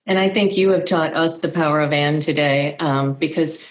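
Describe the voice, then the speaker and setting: A woman's voice: low-pitched, moderate pace, rough recording. Effusive, emotional woman moderator. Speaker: panel moderator for the college. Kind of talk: panel discussion.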